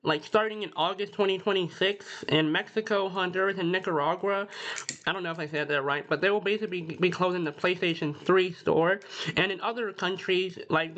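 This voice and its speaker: Nasal young man with a high voice, lo-fi mic. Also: fairly bright tone. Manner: rambling, filler-heavy, reads article aloud. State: nasal, just woke up. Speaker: gaming YouTuber. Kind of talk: casual commentary. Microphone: computer mic. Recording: dull lo-fi computer mic.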